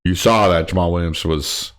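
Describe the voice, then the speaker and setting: A laid-back man with a low voice chats about sports on a podcast. He gives his opinions freely and swears casually. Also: normal speed, fairly bright tone. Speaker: podcast co-host.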